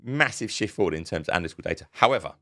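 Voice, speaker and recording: A man's voice: sits low, rapid-fire. A man co-hosting a casual podcast, talking animatedly and acting out quoted exchanges. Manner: animated, acts out quoted dialogue. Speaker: podcast co-host.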